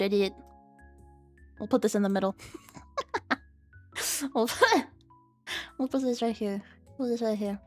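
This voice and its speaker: Laughing, foul-mouthed woman streamer. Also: fairly high pitch. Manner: laughing, swearing, self-mocking. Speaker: VTuber streamer. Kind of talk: casual livestream chat.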